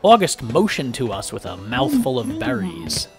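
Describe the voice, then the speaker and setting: A man narrating a first-person story aloud with lively, dramatic delivery. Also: medium pitch, normal speed. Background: background music.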